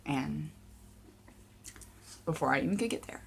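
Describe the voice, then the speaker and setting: A young woman vlogger telling a personal story, emotional and halting, close to tears, with many fillers and restarts. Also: deep voice, lively intonation, gravelly, a little hiss or hum. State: tearful, near crying. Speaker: paranormal vlogger.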